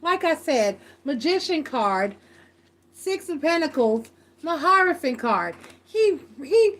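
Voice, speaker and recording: Lady doing live tarot, high voice, real slow, cussing and rambling. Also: big pitch swings, fairly bright tone. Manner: blunt, profane, rambling and emphatic. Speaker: tarot reader. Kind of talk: live tarot reading and chat.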